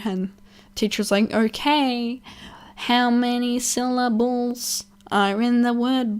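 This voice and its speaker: A woman's voice: medium pitch, darkish tone. A young woman telling a personal story in a casual vlog, rambling, swearing freely, laughing often and acting out what others said. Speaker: vlogger.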